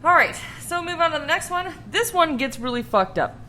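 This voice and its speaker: A woman's voice: very high voice, expressive, a little fast, pushed and bright, a little hiss or hum. A woman hosting a podcast in casual chat, laughing often and swearing freely. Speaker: podcast host.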